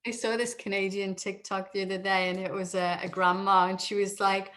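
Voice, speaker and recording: A woman with a Liverpool accent chats as an interview guest over a video call, at a middling pitch for a woman. She is jokey and quick to laugh, with a relaxed conversational delivery. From Liverpool, England. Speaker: guest, actress and writer. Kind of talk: casual interview chat.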